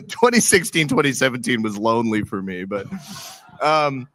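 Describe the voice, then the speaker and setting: A young man with a bright, forceful voice talks casually about politics. He laughs often as he tells stories, heard up close on a dry recording. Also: mid-range voice, big pitch swings, measured pace, no room sound.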